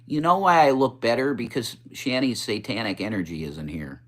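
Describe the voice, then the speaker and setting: A man on a casual livestream, talking straight into his phone as he answers viewers' comments. His voice sits at an ordinary middle pitch, but it jumps higher when he gets excited. He is blunt and swears a lot. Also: normal speed. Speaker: livestream host.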